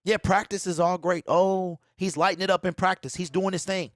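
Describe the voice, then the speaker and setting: Excitable sports host, high-pitched, dry close mic, casual live-stream riffing. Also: male voice, normal speed, no echo. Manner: excitable, repeats himself, mocks fans in a mimicking voice.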